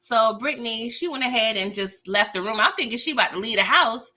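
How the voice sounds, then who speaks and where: Bright-voiced woman doing a chatty live recap. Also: on the high side, a little fast, few pauses. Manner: animated, chatty, talks straight to viewers; laughs often while talking. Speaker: host of a live show recap. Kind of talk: casual live recap chat.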